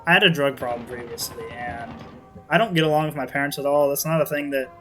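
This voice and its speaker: Bright-voiced young man telling a story. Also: medium pitch, quick pace, soft background music. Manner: rambling, profane, lots of "kinda like" and fillers. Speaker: vlogger. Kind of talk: casual storytelling to camera.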